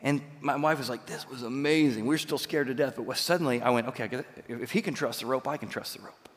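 A man preaching a sermon as pastor, telling stories with lively swings between loud and quiet. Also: mid-range voice, quick pace, long reverb tail. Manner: animated storytelling, jumps between loud and soft.

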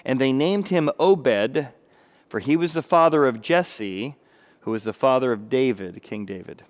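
Emphatic male preacher asking rhetorical questions. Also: fairly low pitch. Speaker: pastor. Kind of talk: sermon.

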